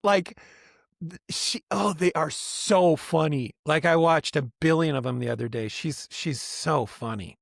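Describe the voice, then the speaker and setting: A man co-hosting a podcast in an easy, rambling way, laughing through his stories. His voice has a gravelly, fry-tinged edge. It is recorded close and dry. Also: a little high, measured pace, dry recording. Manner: laughs often, rambling retellings. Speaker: podcast co-host. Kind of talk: casual chat.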